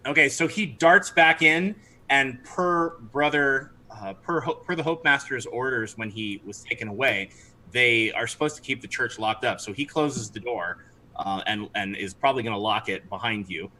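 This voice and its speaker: A man's voice: mid-range voice, moderate pace, sharp tone, slight background noise, rough recording. A man narrating a tabletop game as game master, chatty, with frequent restarts. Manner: chatty, with many restarts and fillers.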